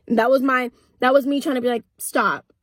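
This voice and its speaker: A woman's voice: high-pitched, flat delivery, quick pace, no echo. An eighteen-year-old woman telling a storytime vlog in a casual, blunt way, swearing freely and acting out both sides of old arguments. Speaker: content creator.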